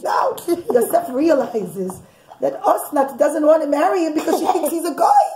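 A mother telling a bedtime story to her child at home, animated, with laughing asides and a teaching tone. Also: sits high, normal speed, slight background noise. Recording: echoey room.

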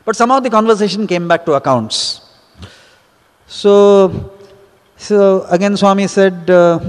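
High-voiced man telling a story. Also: measured pace, long pauses, big-room sound. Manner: earnest, self-mocking storyteller with frequent restarts. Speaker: teacher and speaker. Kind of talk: storytelling talk to an audience.

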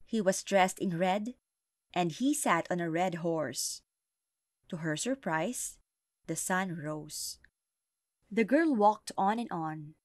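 A woman reading a folktale aloud as an audiobook narrator, slow and deliberate. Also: lowish voice, dry recording, clean studio sound. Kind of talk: storybook narration.

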